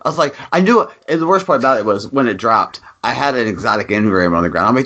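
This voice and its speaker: A man co-hosting a podcast, telling an animated story in casual chat and acting out a phone call, swearing freely. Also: medium pitch, quick pace, hardly any pauses. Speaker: podcast co-host.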